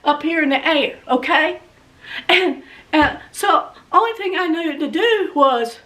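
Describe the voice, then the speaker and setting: Lady vlogger, real high voice, animated storyteller, sounds a bit far from the mic. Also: unhurried. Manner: dramatic, acts out scenes, talks to viewers.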